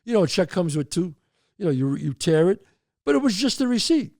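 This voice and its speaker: This host speaks fairly quickly in a high-pitched, gravelly voice, captured clean in the studio with no echo. Calling his audience folks, he spins neighborhood tales and dispenses advice, punctuating them with emphatic asides like an animated storyteller.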